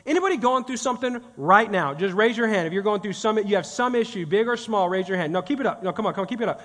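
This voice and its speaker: A man with a high, light voice preaches a casual, lively sermon, calling out to the people in front of him. His words ring with the long reverb of a large church hall. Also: quick pace. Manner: animated, talks directly to the congregation. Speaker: guest pastor. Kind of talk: conversational sermon. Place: church sanctuary.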